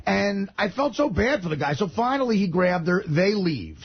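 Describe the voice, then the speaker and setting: A man with a high, gravelly, husky voice tells a loose, profane anecdote on a radio show, swinging his pitch up and down as he goes. He laughs and restarts his sentences often. The sound is dull, like broadcast radio audio. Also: sing-song, moderate pace. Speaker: radio show regular telling a story. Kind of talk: rambling anecdote on talk radio.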